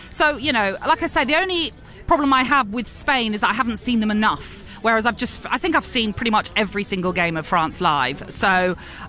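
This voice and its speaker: Female football pundit, bright crisp voice, eager, faint music behind. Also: medium pitch. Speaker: sports radio host, guest. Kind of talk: football discussion.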